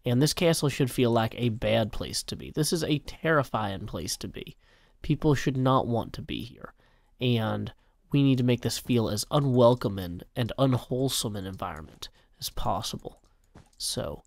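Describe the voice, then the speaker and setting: A man's voice: mid-range voice, gravelly, no room sound. A man in his forties giving casual, rambling, self-mocking gameplay commentary. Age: 40s. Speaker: game video host.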